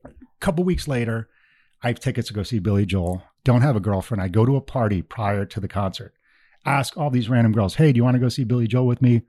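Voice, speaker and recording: A man's voice: medium pitch, fast talker, mellow, dry recording. A man guest on a podcast, telling long, self-mocking stories in casual chat and acting out what people said. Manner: rambling, self-mocking anecdotes with acted quotes. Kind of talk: casual storytelling.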